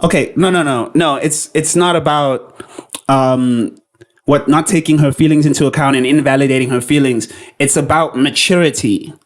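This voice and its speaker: A man's voice: a little high, moderate pace. A man hosting a reaction video, talking in a blunt, incredulous way, often repeating himself. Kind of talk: casual commentary.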